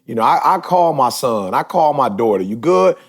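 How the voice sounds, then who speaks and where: A man in his forties hosting a podcast, talking casually and emphatically, his voice building toward shouts. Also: medium pitch, animated, normal speed. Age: 40s. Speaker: podcast host.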